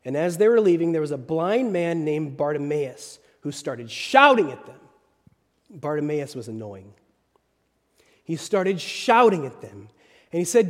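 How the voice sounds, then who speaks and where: Dramatic preacher whispering and rising. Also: male voice, on the high side, long reverb tail. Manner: dramatic, shifting from loud to whispered. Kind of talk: sermon.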